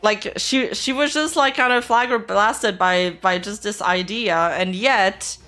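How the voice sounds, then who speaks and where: A woman's voice: medium pitch, a little slow, bright, forceful tone, faint music behind. A woman streamer casually reacting to news, reading posts aloud and chatting with her viewers. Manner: chatty, answers chat, reads text aloud.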